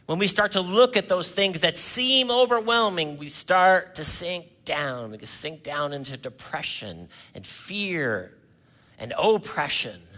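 A male pastor preaching a sermon, swinging between loud cries and hushed lines and asking the congregation questions. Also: a little high, lively intonation, a little slow.

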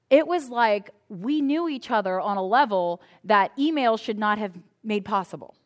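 A woman pastor preaching a conversational sermon to a congregation, acting out little prayers as she goes. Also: fairly high pitch. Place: church before a congregation.

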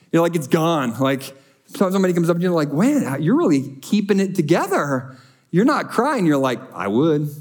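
Earnest high-voiced male preacher. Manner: earnest, conversational, swings between loud and hushed. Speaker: pastor. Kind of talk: sermon.

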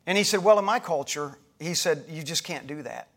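High-voiced male pastor preaching casually. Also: brisk, a bit bright. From United States. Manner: conversational preaching, retelling dialogue with frequent restarts. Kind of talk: sermon storytelling.

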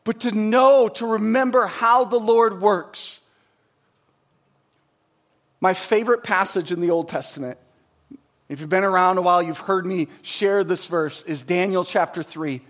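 A pastor with a voice notably high for a man preaches a sermon, moving from steady teaching into fervent, emphatic preaching. He often puts rhetorical questions to the congregation, speaking unhurriedly with long pauses.

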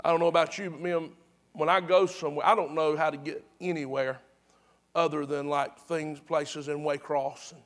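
A man's voice: a little high, fairly even intonation, moderate pace, fairly bright tone. A pastor preaching to his congregation in a chatty, repetitive way, with emphatic restarts. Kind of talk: sermon.

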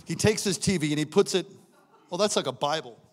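High-voiced preacher in an echoing hall. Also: male voice, a little fast. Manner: animated storytelling, acts out characters, shifts between quiet asides and shouting. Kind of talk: sermon.

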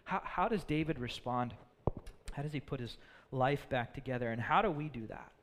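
A man preaching a sermon, earnest, often repeating words as he builds a point and dropping low and quiet for sad moments. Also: a little fast, a little hiss or hum. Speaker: pastor. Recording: long hall reverb.

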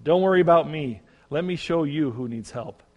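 A man's voice: fairly high pitch, moderate pace, darkish tone, highs cut off, voice pushed up, close to an everyday voice. A man voicing a proud, fault-finding younger brother who eagerly accuses his sibling. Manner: eager, accusing, self-righteous. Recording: long reverb.

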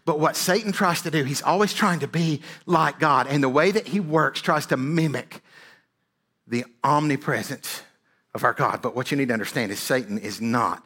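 A man's voice: mid-range voice, moderate pace, pushed and bright, breathy edge. A man preaching a sermon as a pastor, in a conversational style, often asking "right?" and repeating words as he builds a point.

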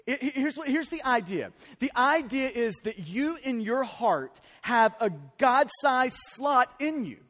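High-voiced preacher in an echoing hall. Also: male voice, lively intonation, slow pace, few pauses, a bit bright. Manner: emphatic, urgent preaching with repeated phrases. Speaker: pastor. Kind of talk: sermon. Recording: long hall reverb.

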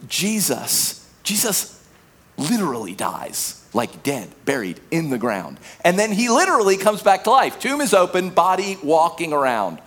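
A man preaching a sermon, acting out dialogue and dropping to hushed low tones for emphasis. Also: huge pitch swings, moderate pace, few pauses. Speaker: pastor.

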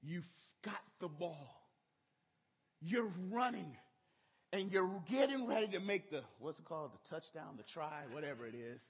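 A man's voice: on the high side, animated, a little slow, husky. A middle-aged man preaching a sermon in church, telling a story emphatically. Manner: emphatic storytelling, rising to shouts.

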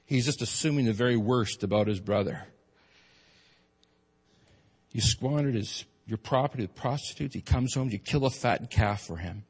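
Speaking at normal speed but with long pauses, a pastor delivers a sermon in a breathy, mid-range voice. The church sanctuary gives his words the long reverb of a large hall as he chats with the congregation, jokes, and builds to emphatic high points.

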